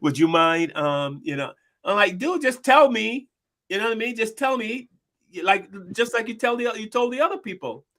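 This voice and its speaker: A man's voice: extremely high pitch, brisk, sharp tone. A man co-hosting a casual discussion show, telling a personal story and acting out the people in it. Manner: storytelling, acts out quoted people. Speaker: podcast co-host.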